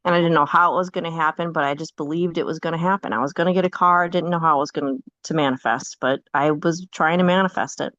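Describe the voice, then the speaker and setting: Casting: lower-voiced woman, candid chatty storyteller, dull dry mic. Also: fairly even intonation, fast, few pauses, fairly bright tone, no echo. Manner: candid storytelling, laughs often. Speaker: podcast guest. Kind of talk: casual chat.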